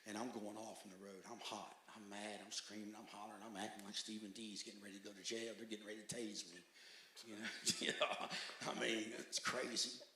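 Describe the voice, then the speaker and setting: A man giving a personal testimony at a church recovery meeting. He tells his story emphatically, swinging between loud outbursts and hushed, low stretches. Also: level tone, brisk. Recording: echoey church hall.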